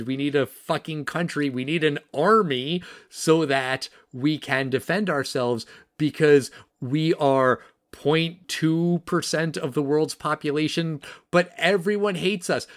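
A man's voice: fairly high pitch, no room sound. Impassioned male podcast co-host, profane and blunt, dry close recording. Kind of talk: casual film discussion.

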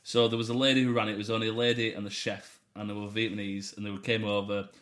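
A man's voice: on the low side, fast. A young man, telling stories in casual podcast chat and swearing freely. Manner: animated storyteller, swears freely. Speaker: podcast host.

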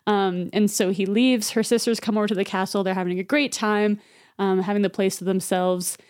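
Smooth-voiced woman casually retelling a tale. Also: mid-range voice, steady tone, a little fast, darkish tone. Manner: chatty, many fillers like "um" and "like". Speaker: podcast co-host.

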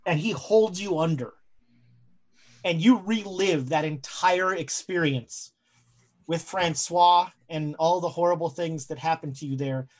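A woman narrating a horror tabletop game as game master, slow and dramatic, with halting fillers as she searches for words. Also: on the low side.

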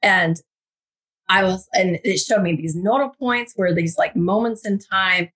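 A woman on a podcast telling a personal story in a casual, animated way, acting out the quotes. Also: unhurried, breathy edge. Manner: animated, acts out quotes with big pitch jumps. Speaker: guest, intuitive reader.

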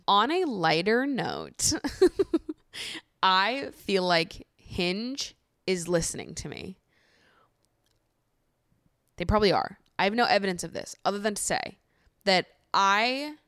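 A woman's voice: fairly low pitch, a bit bright, no room sound. Giggly, chatty young woman, dry close sound. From United States. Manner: chatty, giggly, swears casually. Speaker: podcast host. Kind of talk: casual chat.

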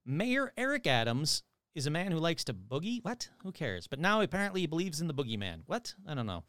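A man's voice: fairly high pitch, big pitch swings, brisk, fairly bright tone, no room sound, clean studio sound. A male podcast host reading odd news aloud with sarcastic, irreverent asides. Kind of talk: casual podcast commentary.

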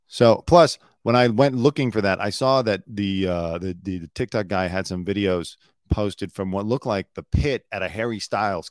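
A man's voice: low voice, no echo, clean studio sound. A man hosting a podcast, chatting casually about a crime case and rambling with frequent restarts. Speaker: podcast host. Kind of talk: casual true-crime commentary.

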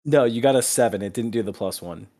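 A man acting as game master in a casual tabletop game session, relaxed and quick to laugh. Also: mid-range voice. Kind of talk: running a tabletop game over voice chat.

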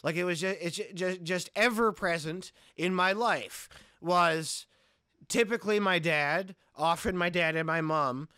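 A man's voice: high-pitched, measured pace, sharp tone, clean tone, dry recording, studio quality. A man, an actor and author, chatting casually as a podcast guest, rambling, swearing and laughing as he talks. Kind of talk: casual chat.

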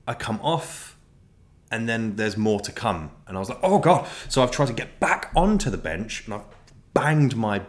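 A man's voice: on the low side, animated, moderate pace. A young man hosting a podcast, telling a rambling, self-mocking comic story with many fillers. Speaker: podcast host.

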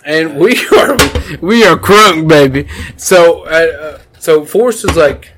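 A man chatting excitably as a podcast cohost, often laughing. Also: fairly high pitch, takes it slowly, noisy background. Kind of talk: casual podcast chat.

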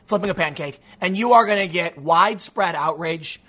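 Sarcastic bright-voiced man, hoarse. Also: sits high, normal speed, few pauses. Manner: mocking, animated, laughs often. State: losing his voice. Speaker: political commentary host. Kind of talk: sarcastic commentary.

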